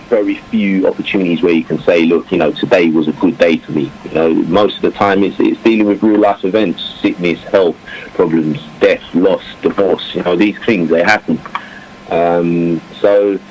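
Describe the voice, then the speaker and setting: A former English cricketer chatting in an interview, reflective, with many fillers and restarts. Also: male voice, deep voice, fairly even intonation, normal speed, darkish tone, poor audio. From England. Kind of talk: casual interview talk. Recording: faint background noise.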